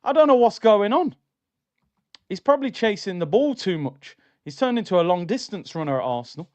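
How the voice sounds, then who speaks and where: A man's voice: sits high, very animated, brisk, darkish tone, dry recording, muffled recording. Opinionated man hosting a football stream. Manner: chatty, opinionated, reads viewer comments aloud. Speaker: livestream host. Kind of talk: live football watchalong commentary.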